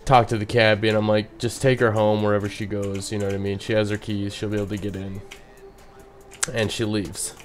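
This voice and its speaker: A man's voice: fairly low pitch, level tone, fairly quick, a little hiss or hum. A young man, a bartender, casually telling a story and rambling with frequent "you know what I mean" asides.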